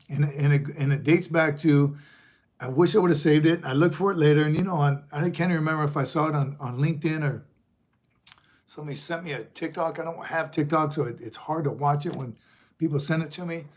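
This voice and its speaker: A middle-aged retired Marine sergeant major hosts a casual livestream, rambling as he reads viewer comments aloud. His voice is on the high side and his pace is brisk.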